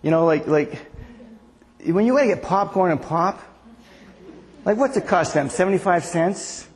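A man's voice: high voice, lively intonation, normal speed. Chatty older man preaching in a hall. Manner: chatty storytelling with many restarts. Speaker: pastor. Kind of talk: casual sermon. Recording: echoey hall reverb.

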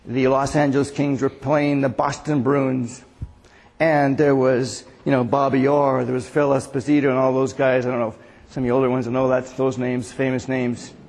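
A man's voice: mid-range voice, flat delivery, normal speed, a little mellow. A man in his sixties giving a casual sermon as a pastor, telling stories with lots of restarts. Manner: chatty storytelling with many restarts. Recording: echoey hall reverb.

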